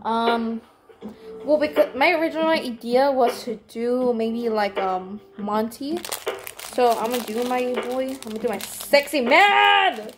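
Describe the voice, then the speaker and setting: A young adult woman chatting casually in a crafting vlog, excitable, rambling and swearing freely. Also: on the high side, measured pace, noisy background. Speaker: vlogger.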